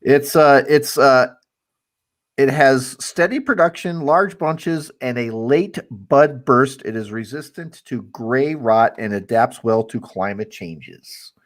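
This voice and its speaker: Relaxed man explaining wine and beer facts. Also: mid-range voice, slow pace. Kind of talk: casual chat.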